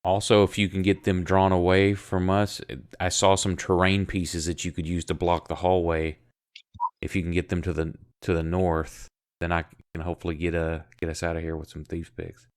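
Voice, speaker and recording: A man's voice: deep voice, flat delivery, normal speed, a little mellow, clear, resonant tone. A man playing a tabletop role-playing game, working out plans aloud in a methodical way. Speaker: player. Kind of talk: casual game talk.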